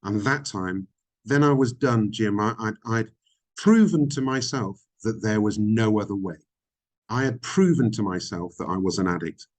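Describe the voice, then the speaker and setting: A middle-aged man speaking frankly as a podcast guest, reflective and halting, with many ums. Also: lowish voice. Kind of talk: candid interview conversation.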